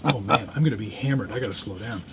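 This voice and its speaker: A man's voice: fairly low pitch, quick pace, gravelly, very noisy. A man co-hosting a casual livestream, joking and playful in his banter. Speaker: livestream co-host.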